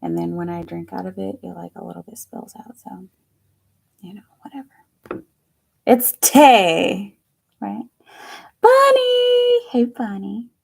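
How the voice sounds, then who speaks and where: With a lowish voice touched by vocal fry, this tarot streamer chats easily with her live audience. She laughs readily and gets excited, sometimes sinking to a near-whisper.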